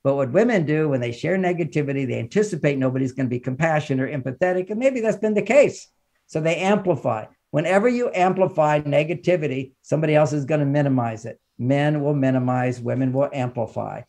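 A man with a fairly high voice talks as a relationship counselor and author on a podcast. He lectures with emphasis and pushes his pitch and volume up to drive a point home. He often repeats phrases in lists. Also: quick pace, darkish tone. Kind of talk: animated advice talk in an interview.

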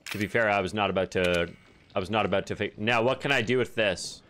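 A fast-talking man with a fairly low, somewhat bright voice swears and jokes with his chat while playing a horror game. His desk microphone picks up a little hiss or hum during the casual commentary.

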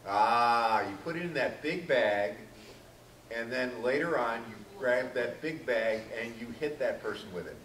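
A man's voice: medium pitch, unhurried, a bit bright, a little hiss or hum. A man teaching a class, asking students questions by name and acting out quoted lines. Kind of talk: classroom lecture. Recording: echoey classroom from far off.

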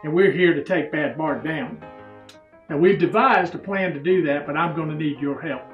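A man's voice: fairly high pitch, moderate pace, reverberant, recorded from a distance, lo-fi sound, faint music behind, natural voice. A man playing an earnest undercover government agent with polite manners.

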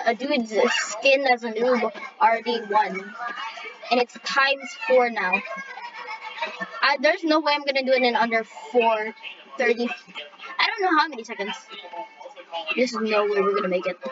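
A female gamer giving excitable live commentary on a race, with shrieking exclamations and jokey trash talk. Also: on the high side, moderate pace, pauses often, lo-fi sound.

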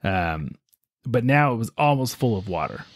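A man hosting a podcast, telling a story in a relaxed, chatty way with lots of fillers. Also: fairly low pitch, normal speed. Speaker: podcast host. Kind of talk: casual storytelling chat.

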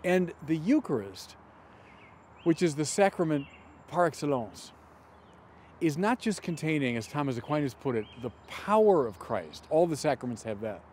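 Middle-aged bishop teaching outdoors. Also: male voice, a little high, lively intonation, a little mellow, a little hiss or hum. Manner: deliberate and emphatic, slowing down on key words. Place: outdoor garden.

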